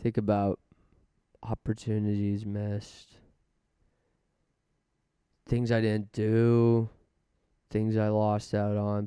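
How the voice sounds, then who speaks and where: A man's voice: lowish voice, monotone, slow pace, long pauses, mellow, clean tone, no room sound. A man hosting a solo podcast, rambling through jokes and self-mocking asides. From Canada. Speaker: podcast host.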